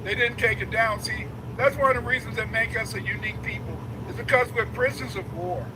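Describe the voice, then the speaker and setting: A man giving a preachy, emphatic livestream lecture who builds to shouts. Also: high-pitched, brisk. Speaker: guest lecturer. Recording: background noise.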